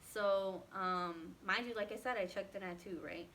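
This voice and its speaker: A woman telling a personal story in a casual storytime vlog, animated and acting out what others said, with many "like" fillers. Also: mid-range voice, moderate pace, slight background noise. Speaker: vlogger.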